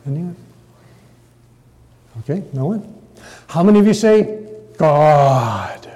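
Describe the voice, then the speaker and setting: A man with a high-sitting, dark-toned voice preaches a sermon, dramatically stressing words and asking the audience for a show of hands. The recording carries echoey hall reverb.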